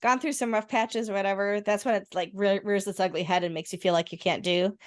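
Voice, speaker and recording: A woman hosting a podcast, encouraging her guest and quick to laugh. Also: mid-range voice, steady tone, no echo. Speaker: podcast host. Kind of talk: casual interview chat.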